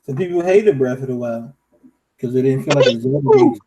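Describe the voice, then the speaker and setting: A man's voice: mid-range voice, sing-song, brisk, vocal fry, dark tone, low-quality recording. A man co-hosting a podcast, telling stories in casual chat with fillers. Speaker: podcast co-host.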